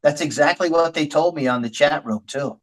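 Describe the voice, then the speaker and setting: A man's voice: on the high side, brisk, rough recording. An older man hosting a podcast, talking bluntly and openly with frequent swearing. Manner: blunt, profane, emotionally open. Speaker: podcast host. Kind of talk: candid podcast conversation.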